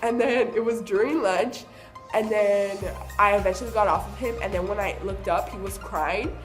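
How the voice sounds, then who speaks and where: A young woman vlogger telling childhood stories in a casual, animated way, often acting out what people said. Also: medium pitch, normal speed, faint music behind. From Southern California. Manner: chatty, animated, acts out quoted voices. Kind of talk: casual storytelling.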